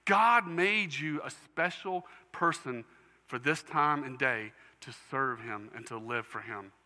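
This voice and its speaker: Emphatic preacher in a reverberant church. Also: male voice, medium pitch, bright, forceful tone. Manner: emphatic, repeats key phrases slowly for the congregation. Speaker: pastor. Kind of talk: sermon. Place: church sanctuary.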